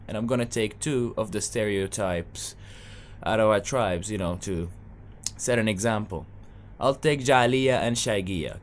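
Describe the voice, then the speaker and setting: A man's voice: lowish voice, slight background noise. A young Sudanese man performing a stand-up comedy set, telling stories in a loose, chatty way. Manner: loose, conversational storytelling with playful asides.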